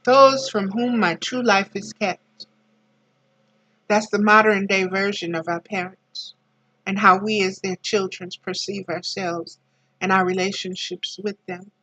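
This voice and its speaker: In a rough recording, a woman acting as a spiritual teacher reads from a book in a steady, slow, deliberate tone, pausing for soft, quiet personal asides.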